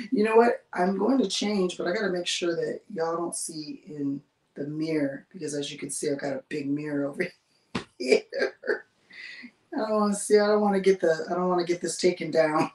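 A woman's voice: lowish voice, fairly even intonation, normal speed, long pauses, a little mellow. Woman livestream host, casual and talkative with easy laughs, picked up from across an echoey bedroom. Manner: chatty, laughs often while reading viewer comments. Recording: roomy sound from a distance.

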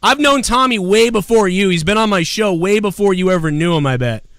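A man's voice: high voice, expressive, a little fast, a bit bright. A man hosting a show, arguing heatedly with a caller and mocking him with insults. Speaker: show host. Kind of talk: heated call-in argument.

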